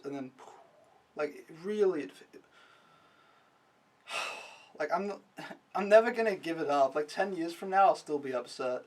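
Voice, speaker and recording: Rambling young man, slightly higher voice. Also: normal speed, pauses often, far from the mic. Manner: rambling, self-mocking, swears freely. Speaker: vlogger. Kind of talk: casual storytelling recap.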